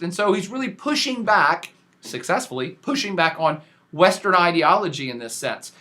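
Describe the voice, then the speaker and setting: Bright-voiced animated man lecturing. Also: high voice, moderate pace. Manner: animated, slangy and emphatic, with frequent restarts. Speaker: professor lecturing on world affairs. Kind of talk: casual podcast lecture.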